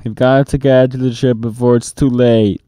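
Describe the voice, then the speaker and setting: A man voicing a whiny, cowardly pirate crewman who talks in rough pirate dialect in a children's storybook read-aloud. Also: mid-range voice, flat delivery, normal speed, mellow, no room sound, natural voice. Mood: whining.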